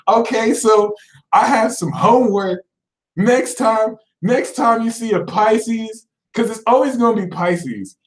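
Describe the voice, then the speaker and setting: Man, high voice, echoey room, astrology stream host, animated rant, low mutters to loud shouts. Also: slow pace.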